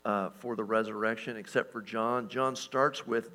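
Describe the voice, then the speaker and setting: A man pastor giving a sermon in a relaxed, conversational way, with lots of fillers and restarts and chuckles at his own stories. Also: fairly low pitch, normal speed, hardly any pauses, low-quality recording.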